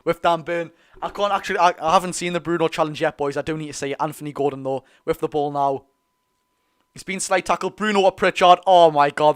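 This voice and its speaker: A young man with a Geordie accent giving live, excitable fan commentary on a football match, swinging between loud cheering and low muttering. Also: quick pace, smooth. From North East England. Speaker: football watch-along host.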